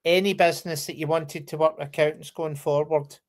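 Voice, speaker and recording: A man's voice: fairly high pitch, fairly even intonation, a little fast. A man guesting on a casual live chat, talking hesitantly and restarting his questions.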